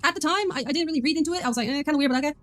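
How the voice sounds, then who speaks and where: A woman's voice: high-pitched, very fast, a bit bright, soft background music. A woman on a group voice call, blunt and confrontational, laying out her case sarcastically. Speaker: caller confronting another.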